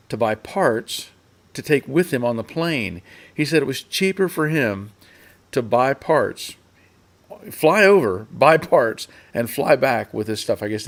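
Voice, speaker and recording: A man hosting a casual live stream, rambling along with fillers and restarts and reading out viewers' chat comments. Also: medium pitch.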